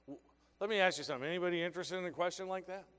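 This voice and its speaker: Brief: male sales seminar speaker with a fairly high voice, punchy questions to the room, long hall reverb. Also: very fast, a bit bright, clean tone. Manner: punchy rhetorical questions to the audience. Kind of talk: motivational sales talk to an audience. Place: conference hall.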